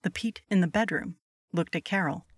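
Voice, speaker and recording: A woman narrating a scripted horror story at a measured pace. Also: lowish voice, slightly rough, no room sound, studio quality.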